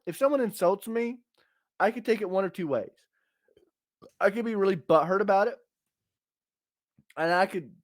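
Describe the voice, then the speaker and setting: On a podcast, a high-voiced man co-hosting rants about tough love in a blunt, profane, emphatic manner, keeping it casual and opinionated. There's no echo and the studio sound is clean.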